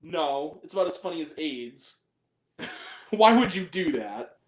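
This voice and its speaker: A man chatting casually on a film review podcast, animated and profane, laughing often as he rants. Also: fairly high pitch, unhurried, echoey room, a little hiss or hum, rough recording. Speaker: podcast co-host reviewing films. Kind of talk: casual chat.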